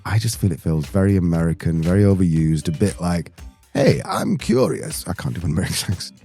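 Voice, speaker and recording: Low and steady, with a dark tone, a male podcast co-host talks rapid-fire in a chatty, joking manner. He keeps breaking off mid-sentence and starting over while faint music plays behind him.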